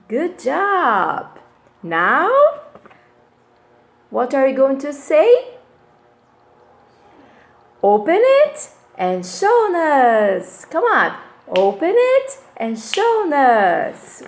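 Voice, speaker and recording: A woman's voice: a little high, wildly swooping pitch, very slow, vocal fry, a little hiss or hum. A woman teaching English to kindergarten children in an online class, speaking in an exaggerated, sing-song way and asking them many questions.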